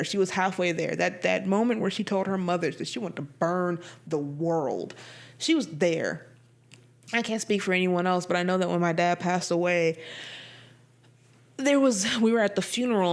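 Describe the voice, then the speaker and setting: Animated woman giving a casual movie review. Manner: animated, emphatic, jumps between high excited bursts and low drops.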